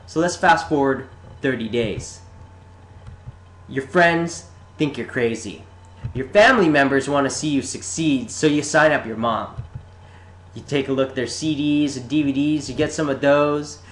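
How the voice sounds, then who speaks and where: A man narrating a sales pitch in a chatty, sarcastic way, talking straight to the listener. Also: a little slow, long pauses. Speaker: marketing presenter. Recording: roomy echo.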